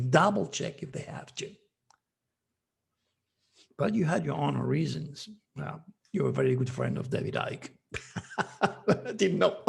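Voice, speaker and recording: Man, astrologer host, slow emphatic rant, gravelly, higher voice. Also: darkish tone. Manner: ranting, repetitive, scolding. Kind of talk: emphatic monologue.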